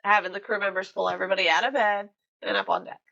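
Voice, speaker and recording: A woman's voice: medium pitch, steady tone, quick pace, vocal fry, bright, forceful tone, highs cut off. A woman narrating a tabletop role-playing game as game master, giggling often between scenes.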